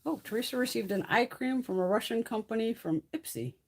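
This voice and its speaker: A woman hosting a beauty livestream, chatting casually in a blunt, profane, animated way and laughing often. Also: fairly high pitch, a little fast, slightly rough.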